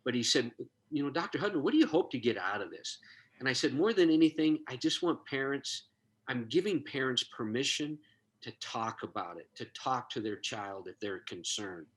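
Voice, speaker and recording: A man's voice: medium pitch, lively intonation, moderate pace, fairly bright tone, breathy edge. A man telling a heartfelt story in conversation, earnest and moved, acting out the dialogue he recounts. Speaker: guest, suicide prevention expert.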